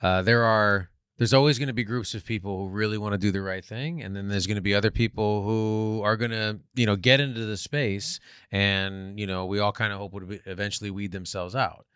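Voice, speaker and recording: A man co-hosting a podcast speaks in a thoughtful, reflective way. His voice is fairly low, smooth and resonant. The recording is close and dry. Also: steady tone, a little fast, a bit bright, no room sound. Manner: listens with frequent backchannel murmurs, then reflects thoughtfully. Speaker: podcast co-host. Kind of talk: casual podcast chat.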